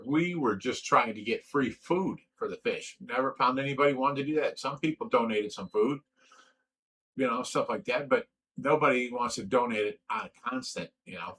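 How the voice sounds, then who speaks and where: A man's voice: medium pitch, a little fast, pushed and bright, a little hiss or hum, rough recording. An older man from Ohio hosting a fish rescue livestream, chatting casually and reading viewer comments with a rambling, restarting way of talking. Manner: rambling, restarts sentences, swears when angry. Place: indoor room away from the fish room.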